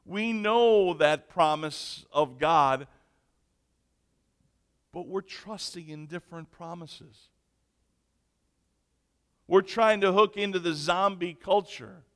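A man preaching a sermon, slow and emphatic, moving between loud declarations and near-whispers. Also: high-pitched, smooth. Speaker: pastor. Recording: echoey hall.

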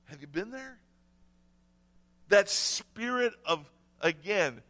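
A man's voice: fairly high pitch, bright, forceful tone. A man preaching a sermon in an earnest way, repeating key phrases for emphasis. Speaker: pastor.

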